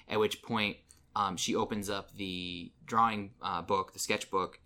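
A man's voice: on the low side, pushed and bright. A man co-hosting a podcast, casually retelling a horror movie scene with lots of ums and restarts. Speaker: podcast co-host. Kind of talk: casual movie recap chat.

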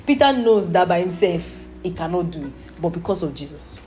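A woman's voice: lowish voice, animated, moderate pace, a little mellow. A woman with a Nigerian accent teaching a Bible lesson, earnest and often checking that her listeners understand. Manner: earnest, repeatedly asking "Do you understand?". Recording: roomy echo with music behind.

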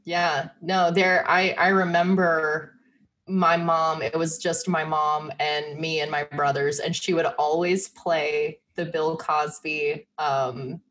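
Low-voiced woman chatting on a podcast. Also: flat delivery, slow, a bit bright. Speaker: podcast co-host and business owner. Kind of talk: casual chat.

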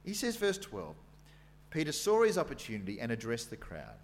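A man's voice: medium pitch, wildly swooping pitch, moderate pace. An Australian man preaching a sermon. He tells the story in a conversational way and reads scripture aloud with dramatic emphasis.

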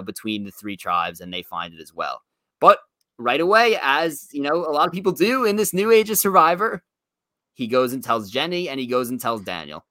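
Bright-voiced man rambling through a recap. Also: mid-range voice, no echo, studio quality. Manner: rambling, fills every pause with "you know". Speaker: podcast co-host. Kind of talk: casual recap chat.

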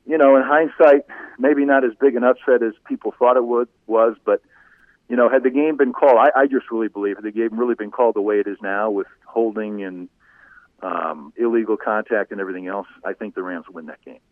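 A middle-aged man, a former sportscaster and guest, telling stories conversationally, animated and laughing often. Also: fairly low pitch, a little fast, no echo. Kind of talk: conversational storytelling. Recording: tinny phone-like line.

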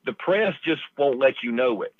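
A man's voice: medium pitch, lively intonation, normal speed. A man co-hosting a casual political talk show, telling chatty anecdotes over a tinny phone line.

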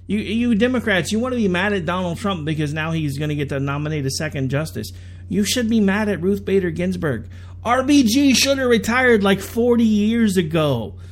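Man, podcast host, high voice, sarcastic rant. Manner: ranting, sarcastic. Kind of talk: political commentary.

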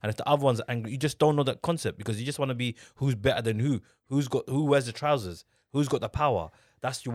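A young man tells stories in a relaxed podcast chat. He is animated, jumps into other people's voices and restarts his sentences often. His voice sits at a middle pitch, recorded close and dry. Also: no room sound. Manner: animated storyteller, acts out what others said. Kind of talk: casual chat.

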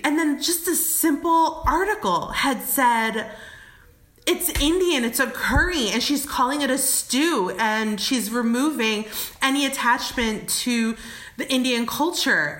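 A woman's voice: high voice, lively intonation, normal speed, a bit bright. A woman guest on a podcast, telling a story candidly, cursing often and laughing. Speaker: podcast guest, travel company founder. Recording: echoey room.

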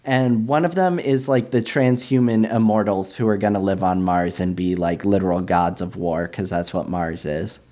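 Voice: low-pitched, fairly even intonation, moderate pace, few pauses, warm tone. A podcast co-host in casual chat, thoughtful, laughing easily.

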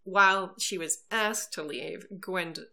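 Bright giggly woman recapping an episode. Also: fairly low pitch, slow pace, gravelly. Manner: animated storytelling recap, giggly. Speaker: podcast co-host. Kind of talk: casual chat recapping a TV episode.

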